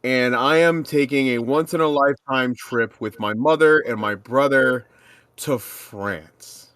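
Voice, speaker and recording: A man's voice: mid-range voice, unhurried, a bit bright, no echo, studio quality. A man co-hosting a casual podcast, swearing and mock-ranting as he tells a story. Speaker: podcast co-host. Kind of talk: casual chat.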